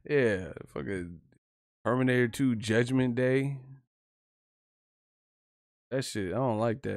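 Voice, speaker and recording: A man's voice: fairly low pitch, gravelly, no echo, studio quality. A young man giving casual, profane live-stream boxing commentary, joking and laughing loosely.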